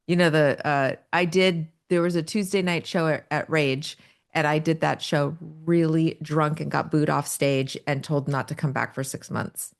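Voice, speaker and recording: A woman's voice: deep voice, fairly even intonation, normal speed, creaky. A woman hosting a podcast, chatting frankly with her guest and laughing along. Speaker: podcast host. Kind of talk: casual interview chat.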